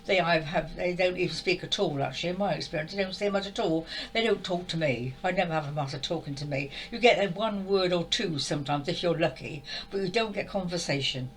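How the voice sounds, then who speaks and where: An older woman with a fairly low voice vents about spiritual channelling in an emotional monologue to camera, sounding upset, exasperated and tearful as she repeats herself. The audio is poor, with slight background noise.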